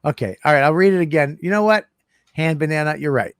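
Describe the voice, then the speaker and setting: A man's voice: a little high, quick pace, clean tone, dry recording, studio quality. A man co-hosting a casual comedy podcast, ranting with profanity and sarcasm. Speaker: co-host.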